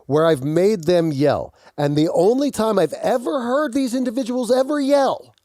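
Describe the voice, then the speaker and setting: A man's voice: high voice, normal speed, no echo, clean studio sound. A man co-hosting a podcast in casual chat, with an intense, aggressive-sounding way of talking and frequent laughs. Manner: animated storytelling, laughs often. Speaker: podcast co-host.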